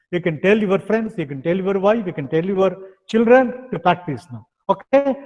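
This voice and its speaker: A man's voice: high-pitched, darkish tone, long reverb tail. A man with an Indian English accent, teaching a yoga lesson in an insistent way and repeating his points. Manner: insistent, repeats words like "now" and "understand". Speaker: yoga instructor. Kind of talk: online yoga lesson with demonstrations.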